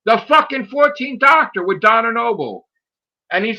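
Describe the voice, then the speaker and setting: A man hosting a podcast, ranting in a heated, profane way and mimicking people in high voices. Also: lively intonation, moderate pace, pushed and bright, muffled recording. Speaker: podcast host. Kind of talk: heated casual podcast rant.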